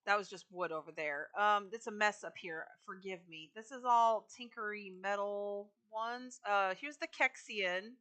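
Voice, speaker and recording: A woman's voice: medium pitch, measured pace, hardly any pauses, fairly bright tone. A woman live streaming a video game, chatting casually with her viewers while she decorates.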